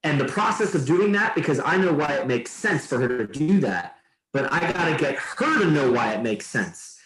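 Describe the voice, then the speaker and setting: A man's voice: fairly high pitch, very animated, moderate pace, a bit bright. A man hosting a podcast, talking loosely and meandering, swearing now and then. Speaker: podcast host. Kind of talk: casual rambling chat. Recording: roomy echo.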